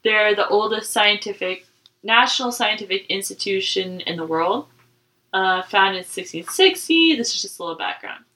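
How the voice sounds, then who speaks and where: A woman's voice: medium pitch, expressive, normal speed, sharp tone, poor audio. A woman co-hosting a casual podcast, laughing often as she reads out trivia questions. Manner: giggly, reads trivia notes aloud. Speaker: podcast co-host. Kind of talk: casual chat.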